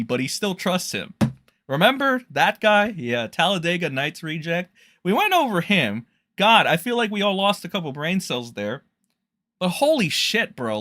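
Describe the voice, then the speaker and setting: Young guy ranting on stream, swears a ton, pitch bouncing all over, kinda high and bright. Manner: rambling, crude, mocking, many fillers. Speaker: livestream commentary host. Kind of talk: profane casual livestream commentary.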